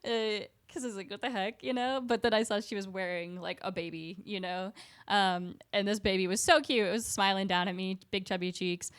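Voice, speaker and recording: A woman chats on a podcast, rambling with fillers and little giggles. Her voice sits at a middle pitch and is recorded close and dry, with no room sound. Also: brisk, clear, resonant tone, dry recording. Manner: chatty, with many fillers and giggles. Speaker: podcast co-host. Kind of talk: casual chat.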